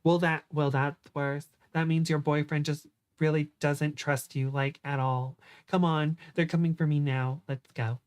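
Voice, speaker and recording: A man voicing a brisk, commanding woman action heroine who gives urgent, clipped orders, a little higher than his own voice. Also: level tone, smooth, natural voice. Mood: exasperated.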